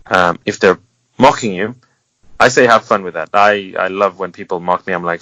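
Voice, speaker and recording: A man's voice: low voice, moderate pace, sharp tone, no echo. Earnest man giving advice on a podcast. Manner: earnest and encouraging, with wry humor and restarts. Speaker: interview guest. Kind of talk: candid interview talk, giving advice. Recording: dull lo-fi sound, dry.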